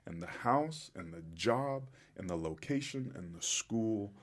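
A man's voice: lowish voice, expressive, unhurried. A middle-aged man, a guest telling a personal story in an earnest, reflective way, emotional at times.

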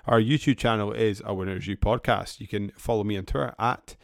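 A man co-hosting a casual podcast, croaky after a flu, jokey as he wraps up the show. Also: fairly low pitch, brisk, no echo, clean studio sound. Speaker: podcast co-host. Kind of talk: casual chat.

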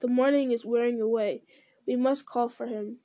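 A woman voicing a solemn, measured ranger leader in a read-aloud story. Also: a little high, fairly even intonation, dark tone, natural voice. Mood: grave. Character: grave noble male ranger leader.

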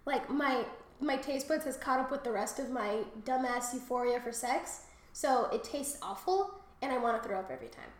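A woman's voice: sits high, animated, moderate pace, roomy sound. A woman co-hosting a podcast, telling rambling, crude stories with lots of fillers and laughs, and coughing after a cold. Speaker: podcast co-host. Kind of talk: casual chat.

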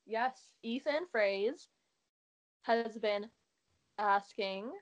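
A woman co-hosting a podcast in casual chat, upbeat with quick reactions. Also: on the high side, muffled recording. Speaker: podcast co-host.

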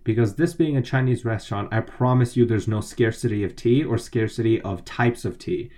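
A man's voice: mid-range voice, a little fast, mellow. A man teaching, walking through a dialogue and explaining each word and tone step by step. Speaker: language teacher.

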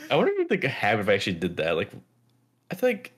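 A young man co-hosting a podcast, chatting casually, rambling with lots of filler words and slipping into animated impressions. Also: lowish voice, racing, husky. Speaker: podcast co-host. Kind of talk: casual chat.

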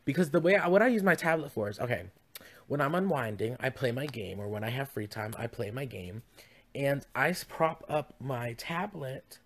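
A young man chats on his home podcast in a campy, gossipy way, wandering off into tangent after tangent. His voice sits at an ordinary middle pitch and he keeps it loose and conversational. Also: normal speed. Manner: chatty, campy, rambling asides. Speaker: podcast host. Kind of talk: casual chat. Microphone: podcast mic.

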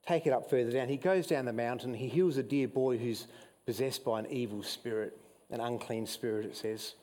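An Australian man preaching a sermon as pastor, telling Bible stories with mounting excitement and some emotion. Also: normal speed, in a large hall. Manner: animated storytelling preacher, rising pitch when excited, admits getting emotional. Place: church hall.

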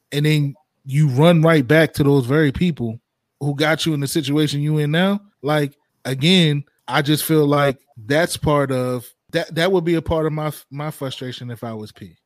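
A man's voice: fairly high pitch, moderate pace, dry recording, studio quality. A man co-hosting a casual podcast, talking emphatically in slang and acting out quotes. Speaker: podcast co-host.

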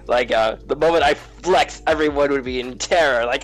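A man's voice: mid-range voice, normal speed, soft background music. A young man co-hosting a casual podcast, rambling through a story with many fillers and self-mocking asides. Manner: rambling, heavy on "like" and "to which". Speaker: podcast co-host. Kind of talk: casual chat.

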